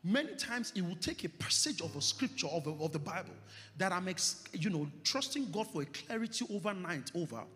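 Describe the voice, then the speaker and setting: A middle-aged man, a pastor preaching a sermon in church, stressing phrases slowly and building to emphatic peaks. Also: high voice, big pitch swings, a bit bright. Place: church hall. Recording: church hall reverb with music behind.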